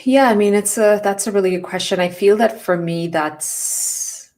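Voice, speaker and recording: A woman guest on a podcast, speaking thoughtfully with measured, halting phrasing. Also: medium pitch, darkish tone. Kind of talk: casual discussion.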